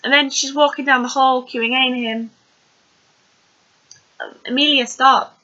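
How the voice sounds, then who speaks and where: A woman's voice: high-pitched, fairly even intonation, a little slow, pushed and bright, muffled recording. A woman casually recapping a TV episode, chatty and rambling with plenty of fillers.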